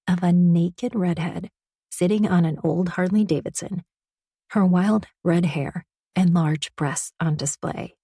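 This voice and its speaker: A woman narrating a first-person romance audiobook in an intimate voice that often drops to a breathy near-whisper. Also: lowish voice, warm tone, no room sound, clean studio sound.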